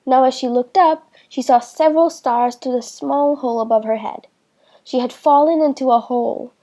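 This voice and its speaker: A woman reading a children's storybook aloud in a slow, clear way for beginners. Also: high-pitched, dark tone. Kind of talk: children's book read-aloud.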